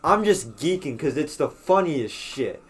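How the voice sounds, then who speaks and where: A man's voice: a little high, lively intonation, a little slow. Rambling young man telling a story. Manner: rambling storyteller, swears freely, many fillers and restarts. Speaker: podcast co-host. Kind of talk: casual chat.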